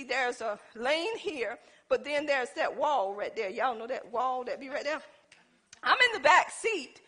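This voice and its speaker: A woman preaching a sermon, telling stories and calling out to the congregation. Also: high-pitched. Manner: animated storytelling, addresses congregation as y'all.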